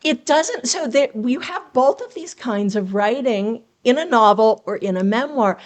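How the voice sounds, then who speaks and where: A woman guest on a podcast, explaining craft as a writing coach would. She speaks in a fairly high voice, earnest and teacherly, and asks her listeners rhetorical questions as she goes. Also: animated, unhurried. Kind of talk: explanatory interview talk.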